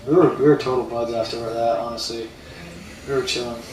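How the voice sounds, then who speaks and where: A man's voice: mid-range voice, flat delivery, a little fast, darkish tone, slight background noise. Rambling man telling a story in a roomy space. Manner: rambling, profane, repeats himself. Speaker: live streamer. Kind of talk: casual storytelling on a live stream. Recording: roomy, distant mic, faint ambience.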